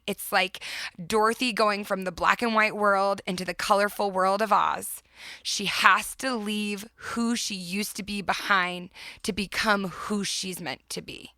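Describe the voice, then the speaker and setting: Woman host, thirties, bright dry close sound, earnest and emphatic motivational talk. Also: mid-range voice, dry recording. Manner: earnest, emphatic, often laughing. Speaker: podcast host.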